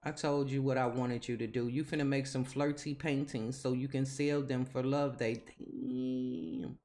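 A woman commentates her gameplay in a relaxed, conversational way. She talks straight at the characters, nagging and teasing them as she goes. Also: very deep voice, normal speed. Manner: chatty, scolding the game characters. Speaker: gaming video host. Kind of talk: casual game commentary.

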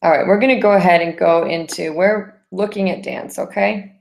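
A woman's voice: on the low side, steady tone, moderate pace, gravelly. A woman teaching a dance class, explaining terms with frequent "okay?" checks and counting out rhythms aloud. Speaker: dance instructor. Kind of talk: classroom lecture.

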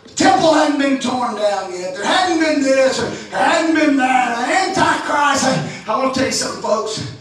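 Texan preacher, high and booming in an echoey hall. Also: male voice, animated, moderate pace. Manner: shouting, rising and falling, stammered restarts. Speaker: pastor. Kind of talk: fiery preaching sermon. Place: large church sanctuary. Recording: echoey, distant hall mic.

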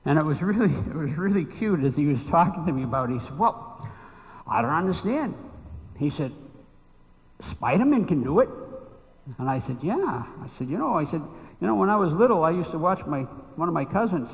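Pastor preaching in an echoey church. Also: male voice, a little high, lively intonation, fast talker, vocal fry. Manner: storytelling, acting out dialogue with a child. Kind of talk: sermon. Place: church sanctuary. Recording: echoey church hall, phone-like thin sound.

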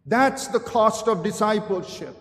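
A man's voice: sits high, animated, unhurried, fairly bright tone, a little hiss or hum. A man preaching a sermon in a church, emphatic and building his points through repeated phrases. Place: church sanctuary. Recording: long church reverb.

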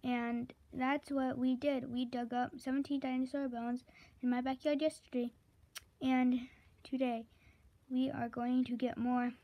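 A woman slowly reading a children's chapter book aloud, correcting herself and pausing to chat about the pictures. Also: high-pitched, level tone, lo-fi sound. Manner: slow, careful read-aloud with self-corrections; chatty asides about the pictures. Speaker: reader.

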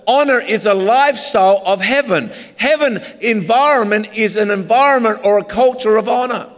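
A man's voice: sits high, moderate pace. A man with an Australian accent, a pastor preaching a humorous, story-filled sermon in a large church. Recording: long hall reverb.

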